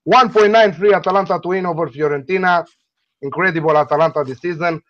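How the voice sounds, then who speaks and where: A man with a heavy non-native English accent giving football betting tips, halting and full of fillers. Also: high-pitched, fairly bright tone, lo-fi sound. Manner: halting, many fillers and restarts. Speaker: tipster. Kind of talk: casual betting panel chat.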